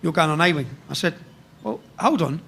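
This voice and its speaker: An English man telling a rough story in casual chat, swearing freely and tagging sentences with "yeah?". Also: on the high side, lively intonation, brisk, fairly bright tone. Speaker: guest storyteller.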